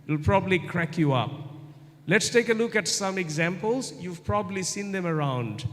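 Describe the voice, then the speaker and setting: A man's voice: high voice, animated. A man giving an informal guest lecture to university students, coaxing answers with repeated questions. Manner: interactive, keeps asking the audience questions; slow, deliberate delivery with repetitions. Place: large university hall. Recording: long hall reverb.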